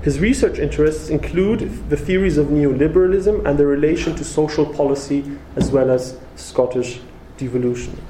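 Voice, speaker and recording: A man's voice: on the high side, normal speed, dark tone, a little hiss or hum. A man hosting an event and giving a formal introduction of a speaker, hesitating often with fillers. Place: lecture room. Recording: roomy hall with faint ambience.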